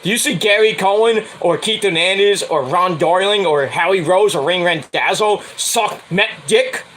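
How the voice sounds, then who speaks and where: A man's voice: high voice, normal speed, fairly bright tone, a little hiss or hum, rough recording. A man hosting his own stream, ranting in a profane, heated, rambling way about sports. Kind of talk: casual sports rant.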